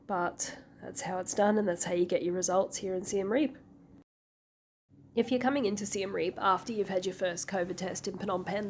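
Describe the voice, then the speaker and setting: A woman's voice: medium pitch, a little mellow, slight background noise. Woman travel vlogger, voice a bit sick, practical and wry. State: sick-sounding voice. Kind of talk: informative travel vlog.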